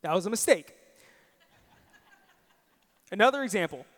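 A man's voice: sits high, expressive, normal speed, a bit bright, big-room sound. A young man preaching a sermon, earnest and personal, telling stories on himself with self-deprecating asides. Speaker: pastor.

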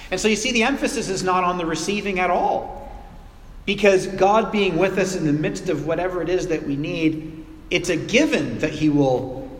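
Man preaching in an echoey church. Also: on the high side. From North America. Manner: conversational, relaxed preaching with everyday examples and playful asides. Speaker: pastor. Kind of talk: sermon. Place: church sanctuary. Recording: echoey church hall with long reverb.

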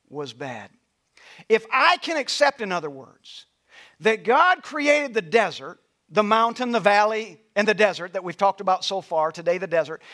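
Preacher guy with a real high bright voice, call and response, gets shouty at times. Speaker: pastor. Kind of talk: sermon. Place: church sanctuary.

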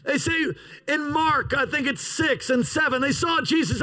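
With an extremely high pitch, a man in his fifties from the United States delivers a lively sermon as pastor. He alternates between shouting and slowing hard for emphasis, and the audio is poor.

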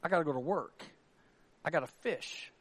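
A man's voice: a little high, normal speed, a bit bright, pitched below the performer's own voice. A man doing a laid-back slangy fisherman. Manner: casual, mumbled slang.

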